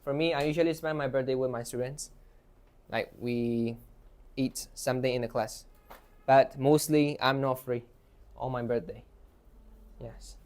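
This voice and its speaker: A man's voice: medium pitch, steady tone, unhurried, pauses often, a little mellow. A man teaching an English class, asking students questions and modeling phrases for them to repeat. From Myanmar. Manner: encouraging, asks questions, models phrases for repetition.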